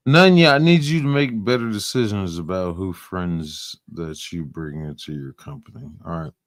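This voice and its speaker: A man's voice: sits low, normal speed, no room sound. A man hosting a casual reaction stream, profane and mocking, laughing at what he watches. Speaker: stream host reacting to clips.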